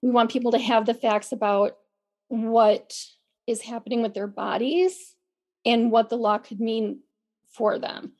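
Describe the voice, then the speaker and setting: A woman's voice: a little high, a little mellow. Earnest woman with a fraying voice. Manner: earnest, repeats words and restarts often. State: losing her voice. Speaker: podcast co-host. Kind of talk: casual podcast talk.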